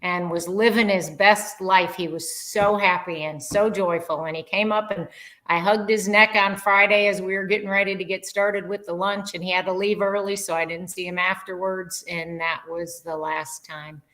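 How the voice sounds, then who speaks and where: A woman's voice: lowish voice, fairly even intonation, moderate pace, fairly bright tone, low-quality recording. An older woman, a podcast guest, telling a heartfelt story in an earnest, rambling way with many fillers. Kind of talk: casual conversational storytelling.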